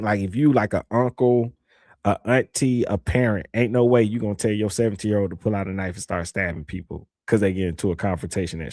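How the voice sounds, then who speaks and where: A young man, hosting a livestream and giving casual, opinionated commentary in a slangy, animated way that repeats points for emphasis. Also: medium pitch, no room sound, clean studio sound. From Southern United States. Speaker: livestream host reading super chats.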